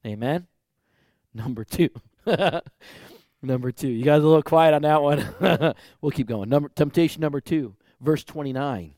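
A male preacher giving a sermon, lively and conversational with his congregation. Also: fairly high pitch, fairly quick, few pauses, no echo, studio quality.

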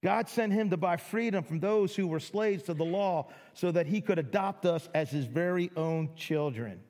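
A middle-aged man preaching a sermon, excitable and full of repeated words as he acts out people's amazement. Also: sits high, normal speed. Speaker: pastor. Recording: long hall reverb.

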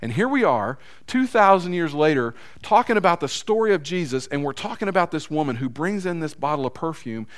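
A man's voice: a little high, very animated, a little fast, hardly any pauses. A man preaching a conversational sermon, acting out characters' thoughts and speaking directly to the congregation.

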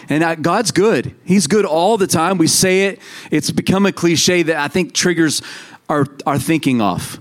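A man's voice: a little high, lively intonation, normal speed. A man in his thirties preaching a sermon in a conversational way, telling stories and acting out quoted voices. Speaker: pastor.

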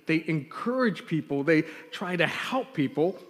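Guy preaching, tells his story all animated, slightly high voice, long reverb like a big hall. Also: unhurried, a little hiss or hum. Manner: animated storyteller acting out his childhood scenes. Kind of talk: storytelling sermon with prayer.

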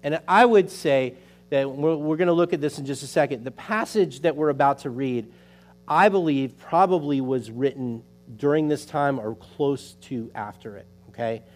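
A man's voice: medium pitch, normal speed. A man preaching a sermon, retelling a story in a loose, conversational way with many fillers. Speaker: pastor.

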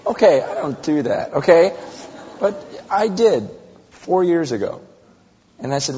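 A man's voice: on the high side, measured pace, long pauses. Man preaching in a reverberant hall. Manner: animated storytelling, swinging from loud to hushed. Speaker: pastor. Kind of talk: sermon. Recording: dull reverberant hall recording.

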